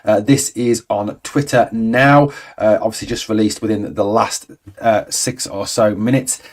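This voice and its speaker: A man's voice: lowish voice, fairly even intonation, measured pace. Rambling middle-aged man on a livestream. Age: 40s. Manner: chatty and rambling, with frequent fillers and exasperated asides. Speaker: fan channel host. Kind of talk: casual livestream chat reading viewer comments.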